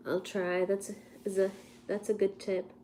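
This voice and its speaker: A woman from India hosts a casual livestream from her home. She is hoarse from a cold, speaks softly, often slips into a whisper, and coughs now and then. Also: medium pitch, flat delivery, moderate pace, slight background noise. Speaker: livestream host and physics teacher. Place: at home, indoors.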